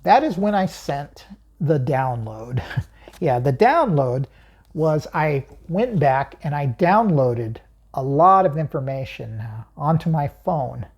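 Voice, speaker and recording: A woman's voice: low-pitched, very animated, slow pace, darkish tone, slightly rough. A woman hosting her own channel, telling a personal story in an emphatic way, chuckling often and asking herself questions.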